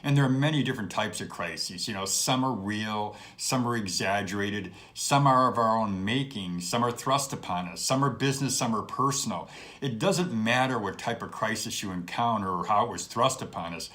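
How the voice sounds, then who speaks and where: A middle-aged man with a fairly low voice hosts an advice show. He speaks straight to the viewer in a conversational, emphatic way and drives his points home by repeating them. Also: normal speed, pushed and bright. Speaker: host. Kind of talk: advice talk to camera.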